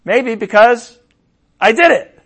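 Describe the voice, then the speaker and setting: A middle-aged man preaching as a pastor in a conversational way, breaking into loud emphatic bursts. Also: very high voice, animated, slow pace. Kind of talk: sermon.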